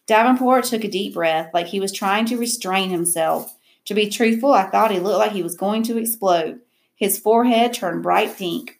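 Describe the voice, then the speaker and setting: Audiobook narrator, woman, reflective first-person reading, gravelly tone. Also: medium pitch, moderate pace.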